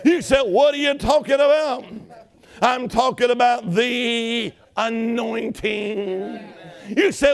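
A man's voice: very high-pitched, fairly even intonation, takes it slowly. A man preaching a sermon, telling a story with emphasis and calling on the congregation to respond.

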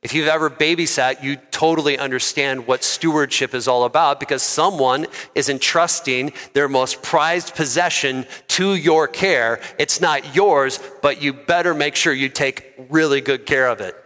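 A man preaching a sermon as a pastor, conversational and lively, asking the congregation questions. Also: a little high, moderate pace, few pauses. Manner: lively and conversational, asks the crowd. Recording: long hall reverb.

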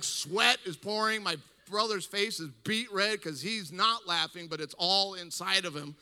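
A man's voice: sits high, unhurried, hardly any pauses, smooth, in a large hall. A man preaching to a congregation, telling a funny story and acting out the people in it. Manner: animated, acts out the people in his story. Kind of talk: humorous storytelling sermon.

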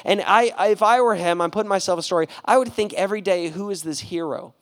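A male pastor preaching a sermon in a casual, animated storytelling manner, with plenty of slang. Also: high-pitched, very fast.

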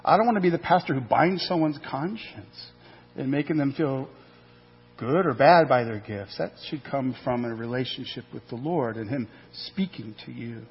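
A male pastor preaching a sermon, animated, with rhetorical questions and acted-out asides. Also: mid-range voice, normal speed, husky. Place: church sanctuary. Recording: muffled church hall recording with long reverb.

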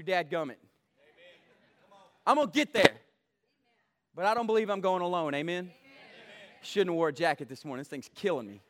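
A male pastor preaching a sermon with fervent energy, swinging between shouted scripture and laughing asides. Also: high voice, animated, moderate pace, pauses often.

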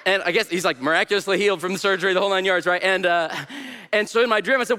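A man, a guest minister, preaching a sermon with energetic, humorous storytelling that turns earnest. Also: high-pitched, rapid-fire, clear, resonant tone. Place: church sanctuary. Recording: echoey church hall.

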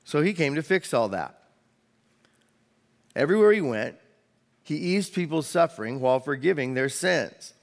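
A man preaching a sermon as a pastor, in a conversational way with quick asides and the odd restart. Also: a little high, animated, creaky. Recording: long hall reverb.

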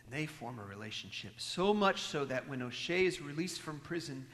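A man preaching a sermon, telling a story and moving between loud emphasis and hushed, near-whispered lines. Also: fairly high pitch, animated, normal speed. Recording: long hall reverb.

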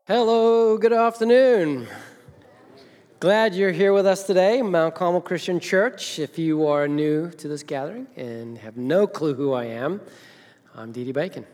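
Pastor in a reverberant hall. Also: male voice, high-pitched, measured pace, darkish tone. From Zimbabwe. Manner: chatty, storytelling, with filler hesitations. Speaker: senior minister. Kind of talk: sermon. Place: large church hall. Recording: long reverb of a large church hall.

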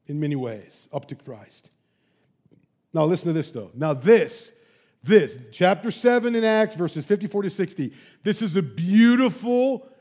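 High-voiced, emphatic preacher man. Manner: emphatic, animated preaching with sudden loud peaks and soft drops; casual asides and rhetorical questions. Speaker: pastor. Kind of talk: sermon.

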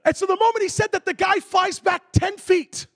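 A man preaching a sermon, telling a comic story with animated delivery and shouted sound effects. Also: very high-pitched, moderate pace, gravelly, no room sound, faint music behind.

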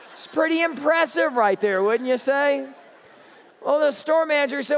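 A man's voice: extremely high pitch, brisk. A man preaching as a pastor in a church auditorium, conversational and joking as he tells stories. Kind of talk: sermon. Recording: echoey hall reverb.

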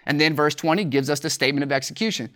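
A preacher teaching a sermon from scripture, slowing down to stress key words and asking rhetorical questions. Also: medium pitch, a bit bright. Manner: deliberate, slows for emphasis on key words.

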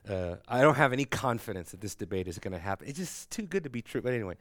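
A man's voice: fairly low pitch, big pitch swings, fast talker, no echo, clean studio sound. A man teaching theology to a classroom, talking conversationally with frequent fillers and rhetorical questions. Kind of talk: classroom lecture.

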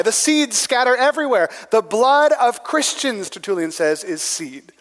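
A man's voice: sits high, very animated, normal speed, hardly any pauses, a bit bright, big-room sound. A man preaching a sermon in a conversational way, often asking "right?" to a room with people present. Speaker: pastor.

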